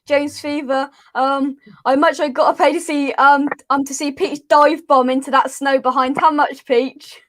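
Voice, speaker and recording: A woman hosts a casual live chat in a high, bright voice. She giggles often and reads viewers' comments aloud in an easy, friendly rhythm. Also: steady tone, normal speed, few pauses. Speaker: host.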